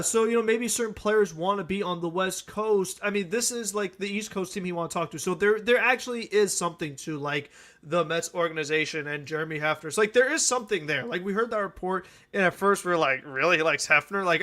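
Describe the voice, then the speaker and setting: Bright high-voiced man, rambling sports chat. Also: brisk, few pauses. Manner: earnest, rambling, laughs easily. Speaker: podcast co-host. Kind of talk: casual sports talk.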